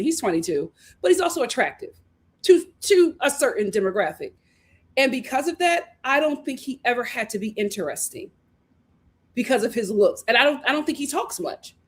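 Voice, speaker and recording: Animated woman recapping a show. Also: on the high side, breathy edge. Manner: animated, acts out quotes, laughs often. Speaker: host reviewing a reality show. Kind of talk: casual live show recap.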